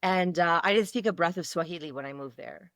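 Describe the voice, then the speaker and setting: Brief: woman stand-up guest, animated storyteller, laughs a lot, dry close sound. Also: fairly low pitch, fairly quick, dry recording. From Canada. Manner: animated, laughs often, acts out quotes. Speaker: guest comedian. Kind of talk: casual podcast storytelling.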